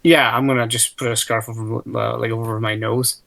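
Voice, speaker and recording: A man's voice: mid-range voice, level tone, a little fast, gravelly, a bit bright. A man playing a tabletop game, describing his character's actions in a rambling way and speaking heatedly in character with a lot of swearing. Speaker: player. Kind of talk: casual tabletop role-play.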